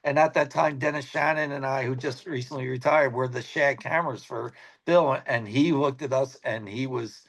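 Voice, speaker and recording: A man's voice: medium pitch, normal speed. Rambling middle-aged man telling stories. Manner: rambling, animated, acts out quoted people. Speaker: guest, veteran sports cameraman. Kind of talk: casual anecdotal storytelling. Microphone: phone on a video call.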